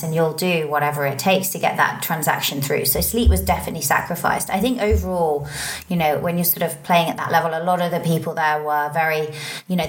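A British woman in her thirties speaks as a podcast guest, low-pitched and unhurried. She talks in a friendly, reflective way, often adding tag questions and little fillers as she thinks. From England. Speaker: guest, nutritional therapist. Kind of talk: conversational interview.

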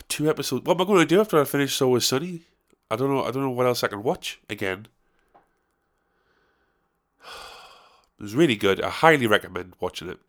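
A man in his thirties talks on his own in a loose, wandering monologue, chatty and quick to poke fun at himself. His pitch sits in an ordinary middle range. He swears casually as he goes. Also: expressive. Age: 30s. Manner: rambling, chatty, self-mocking, swears. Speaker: comedian and musician.

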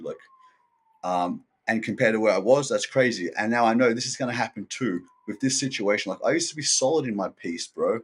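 Husky low-voiced man, rambling and candid. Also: a little fast. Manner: rambling, swears often, frequent restarts. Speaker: podcast guest. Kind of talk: candid casual conversation.

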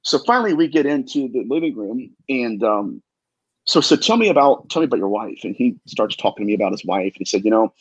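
A man, a demonologist guest, tells an earnest, emphatic story in a husky voice and often repeats himself. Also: mid-range voice, animated, fast, no room sound, dull audio. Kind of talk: animated storytelling.

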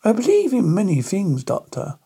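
Man doing gravelly sinister vampire count Dracula. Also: high-pitched, huge pitch swings, normal speed, mellow, pitched above the performer's own voice, exaggerated voice. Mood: menacing. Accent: Eastern European.

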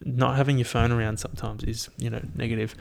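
A man's voice: mid-range voice, level tone, fast talker, creaky. A young man, chatting casually on his own about his year, rambling, swearing often and laughing at his own stories, recorded on a headphone mic. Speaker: vlogger. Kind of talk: casual solo year-review chat.

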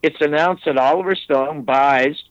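A man's voice: on the high side, a little slow, no room sound. Older man telling a story, dull dry sound. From United States. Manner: emphatic, digressive, with restarts. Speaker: interview guest, former TV producer. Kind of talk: anecdotal storytelling.

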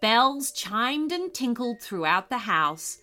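A woman storyteller and podcast host narrating a bedtime story in a gentle, unhurried way. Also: on the high side, big pitch swings, faint music behind.

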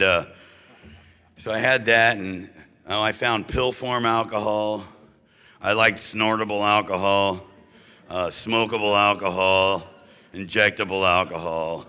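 A man gives a funny, candid personal talk to a live audience. His voice is very bright and forceful, with a punchy delivery that keeps turning to the crowd with quick questions. The long reverb of a big hall trails behind every line. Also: lowish voice, clear, resonant tone. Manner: punchy and joking, keeps asking the audience "right?" and "you know?". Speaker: speaker at a recovery meeting.

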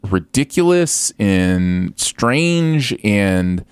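Low-voiced man reviewing a movie. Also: big pitch swings, drawn-out words, smooth, no room sound, studio quality. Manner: hesitant, many restarts, wry. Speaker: podcast co-host. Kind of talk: casual movie review chat.

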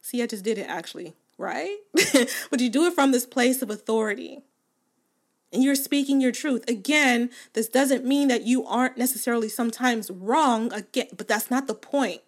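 A woman's voice: fairly high pitch, moderate pace. Chatty emphatic woman podcast host. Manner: emphatic, repeats points for weight; laughs easily, chatty. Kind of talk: casual chat to listeners.

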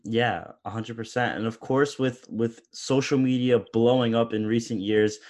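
A man hosting a casual interview, chiming in with quick affirmations and asking open questions. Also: mid-range voice, steady tone, a little mellow. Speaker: interview host.

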